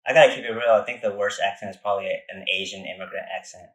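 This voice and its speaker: Laid-back American man, low and echoey. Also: steady tone, racing, fairly bright tone. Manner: laid-back, joking, casual swearing. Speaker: podcast host. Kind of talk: casual podcast chat. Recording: echoey room.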